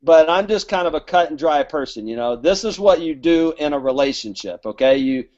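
A man's voice: on the high side, expressive, brisk, darkish tone. Chatty man telling stories. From Alabama, US. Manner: rambling, chatty, acts out quoted dialogue. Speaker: guest author. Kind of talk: casual storytelling interview. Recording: dull lo-fi audio.

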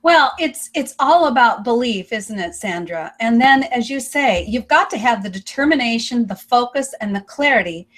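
A woman's voice: a little high, expressive, normal speed, few pauses, fairly bright tone. A woman hosting an interview over a video call, affirming and enthusiastic toward her guest. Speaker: interview host.

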